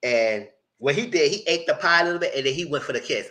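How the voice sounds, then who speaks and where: A man giving a live casual recap of a reality dating show, acting out the quoted lines and breaking into high-pitched excitement. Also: quick pace. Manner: animated, breaks into high shrieks and laughter when excited; acts out quoted lines in voices.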